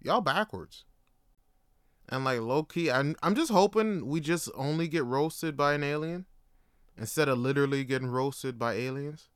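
A man's voice: mid-range voice, moderate pace, smooth, no room sound, studio quality. A young adult man hosting a solo podcast, musing aloud in a loose, slangy, rambling way. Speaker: podcast host. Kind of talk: casual solo monologue.

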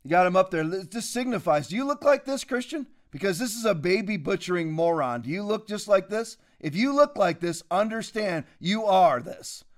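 A man's voice: high voice, animated, normal speed, hardly any pauses. A man hosting a commentary show, talking in a combative, mocking and preachy way. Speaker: show host.

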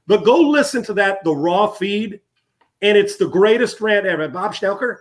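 A man in his fifties, a former football player and guest, telling casual stories in an animated way and often repeating words as he goes. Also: high voice, moderate pace. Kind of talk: casual storytelling.

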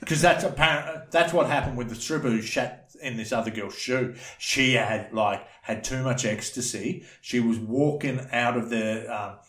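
A man's voice: medium pitch, moderate pace, hardly any pauses, a bit bright. A man telling crude nightclub stories in a casual podcast chat, swearing and acting out the people he quotes. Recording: echoey room.

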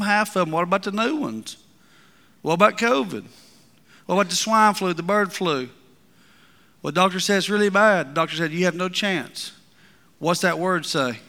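A man preaching in a church hall, his high, bright voice ringing clear. He swings from emphatic, rising declarations to low, confiding asides. A long reverb trails behind his words. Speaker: pastor. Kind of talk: sermon.

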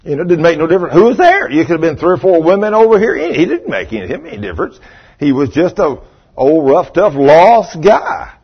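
A man's voice: fairly high pitch, wildly swooping pitch, brisk, slightly rough. An older man preaching a sermon, telling a folksy story and acting out what people said. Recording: dull lo-fi sermon recording.

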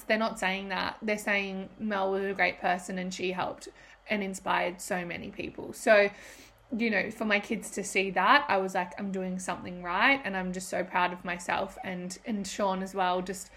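A woman's voice: mid-range voice, little pitch movement, normal speed, a bit bright. A woman, hosting a solo podcast in a rambling, emotional way and swearing freely. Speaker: podcast host. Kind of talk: casual solo podcast talk.

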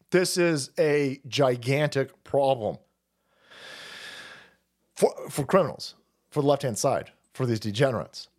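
A man streaming a profane political rant, repeating himself and cursing heatedly. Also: fairly high pitch. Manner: foul-mouthed, repetitive, heated.

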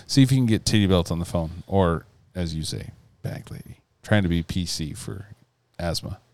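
A man's voice: low-pitched, moderate pace, creaky, a little mellow. A man co-hosting a casual podcast, trading crude jokes and banter with his friends. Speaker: podcast co-host. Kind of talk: casual chat. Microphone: studio mic.

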